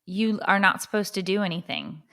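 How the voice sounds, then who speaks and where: A woman's voice: mid-range voice, a little fast, gravelly, bright, forceful tone. Woman co-host, matter-of-fact. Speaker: podcast co-host. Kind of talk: casual chat.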